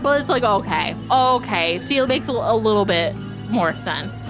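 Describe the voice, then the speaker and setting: A woman's voice: medium pitch, lively intonation, normal speed. A woman streamer ranting in exasperation about a game, swearing a lot in casual stream chat. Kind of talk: live-stream gameplay chat. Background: game music.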